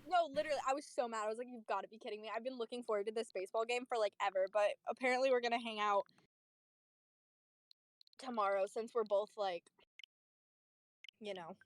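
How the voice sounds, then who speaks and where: High-voiced young woman telling a story. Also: fairly quick, pauses often. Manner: animated, profane storytelling. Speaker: streamer. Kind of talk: casual chat.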